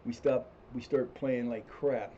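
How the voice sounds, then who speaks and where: A man with a mellow, somewhat dark voice talks his way through a football management game on a live stream, circling back and restarting sentences as he thinks aloud. The audio is slightly dull and lo-fi, with a faint hiss underneath. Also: mid-range voice, steady tone, a little slow. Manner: rambling, restarts sentences, swears when frustrated. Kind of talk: casual gameplay commentary.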